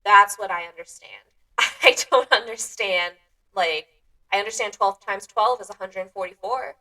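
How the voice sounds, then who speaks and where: Give me a woman podcast host with a bright tone, chatting loosely and poking fun at herself, recorded a little away from the mic. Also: medium pitch, moderate pace. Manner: chatty and self-deprecating, laughs often. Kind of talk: casual solo chat. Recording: voice a bit distant from the mic.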